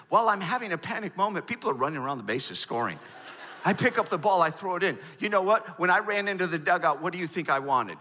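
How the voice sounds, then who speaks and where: Lively man preaching in a hall. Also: sits high, brisk. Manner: animated, storytelling with crowd prompts. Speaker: pastor. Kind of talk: sermon.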